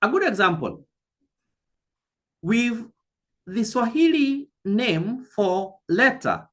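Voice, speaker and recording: A woman teaching an online language lesson, speaking slowly and deliberately, repeating key words and addressing the learner directly. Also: on the high side, very animated, fairly bright tone.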